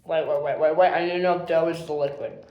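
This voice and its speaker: A young woman co-hosting a podcast, chatting casually while eating, giggly and excitable. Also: low-pitched, fast talker, highs cut off. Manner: giggly, excitable, breaks into squeals. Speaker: podcast co-host. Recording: echoey room, faint hiss.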